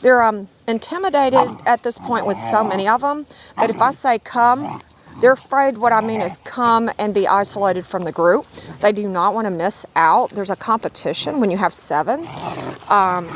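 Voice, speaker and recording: A woman's voice: a little high, moderate pace, noisy background. A middle-aged woman, a dog breeder, narrating a casual home video in a chatty, rambling, affectionate way. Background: puppies squealing and playing.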